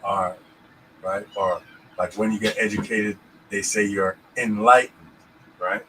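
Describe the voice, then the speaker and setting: A man's voice: fairly low pitch, steady tone, unhurried, fairly bright tone, slight background noise, low-quality recording. A man co-hosting a casual podcast about scripture, rambling and checking in with "you know what I'm saying". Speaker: podcast host.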